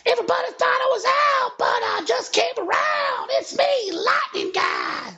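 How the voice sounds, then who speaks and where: Picture a shrill, wildly swooping hype man who shouts everything at full tilt, rowdy and cheeky. The recording is dull and lo-fi. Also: very animated, unhurried, gravelly, faint music behind, exaggerated voice. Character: shouty hyped-up male hype guy.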